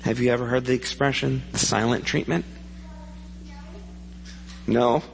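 A man's voice: mid-range voice, steady tone, measured pace, creaky, big-room sound, a little hiss or hum, low-quality recording. A man preaching a sermon in a church, earnest and asking the congregation questions. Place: church sanctuary.

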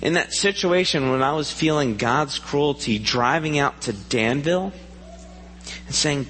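A man's voice: a little high, unhurried, fairly bright tone, big-room sound, slight background noise, poor audio. A man preaching a sermon in a church, earnest and asking the congregation questions. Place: church sanctuary.

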